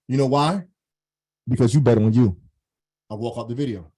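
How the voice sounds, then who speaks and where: A man giving an emphatic, high-energy motivational talk as a guest speaker on an online group call, repeating phrases for emphasis. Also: normal speed, dark tone. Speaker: guest speaker and content mentor. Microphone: online call microphone.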